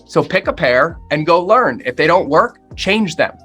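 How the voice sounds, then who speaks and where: A man's voice: a little high, expressive, normal speed, a bit bright, soft background music. A man talking as a podcast guest, with an emphatic, punchy way of speaking that repeats phrases for effect. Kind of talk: motivational interview talk.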